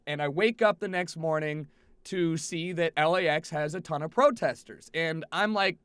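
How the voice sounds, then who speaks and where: A young man with a high, bright voice recounts a travel mishap, swearing freely and swinging from exasperated near-shouts to quiet grumbles. He sounds close on a headset, in a dry room with no echo. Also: moderate pace, clean tone. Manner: animated, profane, swings from exasperated shouting to low mutters. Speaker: streamer telling a travel story. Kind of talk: casual storytelling to camera.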